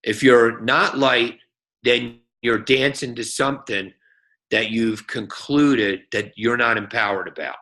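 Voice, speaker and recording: Man, guest speaker, phone team call, motivational sales talk, forceful edgy voice, folksy energetic coaching. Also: medium pitch, a little slow.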